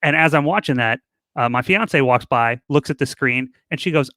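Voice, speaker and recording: Bright-voiced joking male co-host. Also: medium pitch, brisk, dry recording. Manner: joking storyteller. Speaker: podcast co-host. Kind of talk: casual chat.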